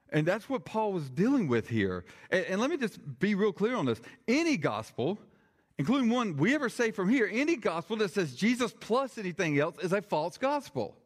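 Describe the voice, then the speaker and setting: A man, a congregational elder giving a chatty, animated sermon, his voice a little strained. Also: on the high side. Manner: chatty, animated, jokey asides. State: slightly strained voice. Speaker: lay preacher, congregational elder. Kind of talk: conversational sermon.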